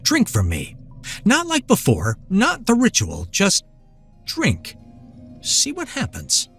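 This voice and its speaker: A woman's voice: medium pitch, wildly swooping pitch, takes it slowly, gravelly, a bit bright, breathy edge, soft background music, voice pushed up, exaggerated voice. A man voicing a stubborn young woman who is turning into a vampire, blunt and wry. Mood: determined.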